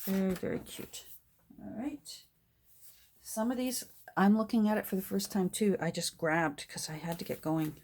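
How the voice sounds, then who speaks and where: A woman's voice: medium pitch, fairly even intonation, moderate pace, creaky. An older woman showing off thrift finds in a casual, delighted way, sometimes dropping to whispers. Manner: delighted, often drops to soft whispers and gasps. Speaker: vlogger showing a thrift haul. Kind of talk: casual show-and-tell.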